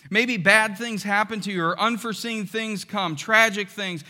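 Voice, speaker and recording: A man preaching a sermon as pastor, animated and acting out quotes with loud outbursts. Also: sits high, normal speed, hardly any pauses. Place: church sanctuary. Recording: long hall reverb.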